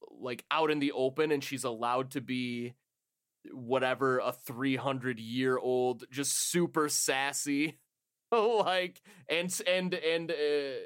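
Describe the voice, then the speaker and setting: Excitable man chatting on a podcast. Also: mid-range voice, clear, resonant tone. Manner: excitable, laughs often, swears casually. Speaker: podcast co-host. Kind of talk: casual chat.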